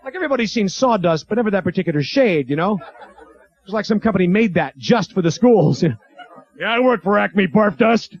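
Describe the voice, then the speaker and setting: Male stand-up comic, animated delivery with jumpy pitch, early-80s club recording that sounds dull. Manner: animated, does quick character voices and crowd work. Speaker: stand-up comedian. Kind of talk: stand-up routine. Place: comedy club stage with live audience. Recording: dull lo-fi 1980s club tape.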